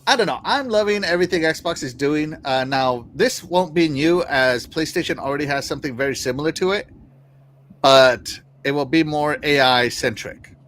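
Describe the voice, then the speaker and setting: A man hosting a podcast in casual chat, animated, laughing often and shouting out viewers. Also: a little high, moderate pace. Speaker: podcast host.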